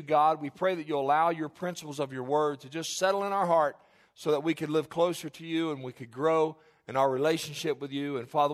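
Male pastor, middle-aged, high voice, earnest preaching, folksy asides, restarts often. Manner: folksy, joking asides to the congregation. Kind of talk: sermon.

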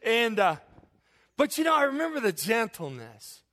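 A man preaches a sermon in a homespun, earnest manner. His voice sits high for a man. He circles back on his phrases as he warms to his point. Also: sing-song, normal speed. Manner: folksy, earnest preaching with repetitions and asides. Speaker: pastor.

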